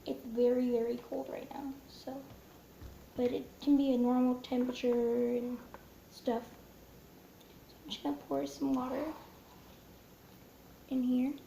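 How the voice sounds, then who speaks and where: A woman's voice: high voice, little pitch movement, unhurried, vocal fry, long pauses, dark tone. A young woman chatting nervously while making slime for her vlog, sometimes dropping to a whisper. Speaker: vlogger. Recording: echoey room with faint noise.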